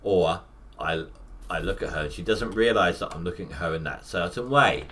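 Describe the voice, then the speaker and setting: A man's voice: low voice, expressive, normal speed, fairly bright tone, a little hiss or hum. A man in his thirties, rambling through casual live gameplay commentary with self-mocking asides. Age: 30s. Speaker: gaming livestreamer.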